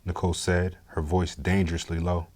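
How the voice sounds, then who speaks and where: A man narrating a story in a steady, measured, scripted way. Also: low voice.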